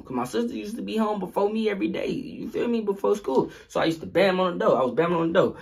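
A young man telling a story in a vlog, animated, acting out sounds and quotes. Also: high voice, fast, creaky, breathy edge. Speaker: vlogger.

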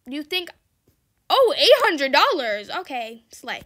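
A woman's voice: high voice, expressive, unhurried, a bit bright. A young woman giving casual, exclamatory commentary while playing a game, often frustrated and laughing. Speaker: gamer.

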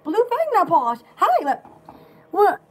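A woman in casual, rambling chat, excitable and giggly, often restarting her sentences. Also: very high-pitched, normal speed, a little hiss or hum. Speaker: store vlogger.

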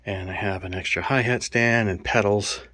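A man with a low voice rambles through his gear in a casual show-and-tell, out of breath from hauling it around. The sound is dry and close, with no room echo. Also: steady tone, normal speed, sharp tone. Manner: rambling, counts items aloud. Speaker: drummer vlogger.

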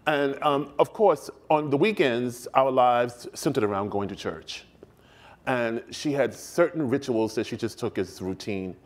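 A man in his sixties sits as a guest in a live stage interview. His voice sits in a middle register. He recalls his childhood in a measured, stately way, lingering on vivid details. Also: medium pitch. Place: stage before a live audience.

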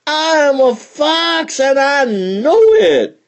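Man playing a fussy storybook fox: high, swooping, husky, wailing and pleading. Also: sing-song, slow pace, a little mellow, exaggerated voice. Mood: shouting. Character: fussy, pompous male fox, frantic.

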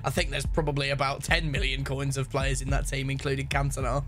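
A man's voice: mid-range voice, completely flat delivery, fairly quick. A young man casually commentating a football video game match with a friend, laughing and bantering. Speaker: gaming YouTuber host.

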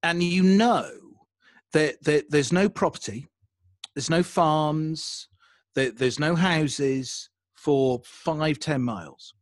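A young adult English man telling a story in a casual interview, animated and self-deprecating. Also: fairly high pitch, slow, no room sound, studio quality. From England. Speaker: podcaster guest.

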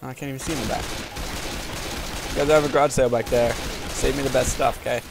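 A man's voice: medium pitch, fairly even intonation, fast talker, gravelly, background noise. A man rambling and joking as he comments on a video game, talking to its characters. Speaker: gaming video host. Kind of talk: let's play commentary. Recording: game gunfire over voice. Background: video game gunfire and ambience.

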